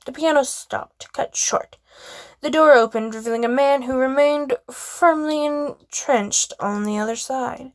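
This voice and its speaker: A woman's voice: high voice, a little slow, no room sound. Woman narrating a story with chatty asides. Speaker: reader of a game story. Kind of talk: first-person story narration.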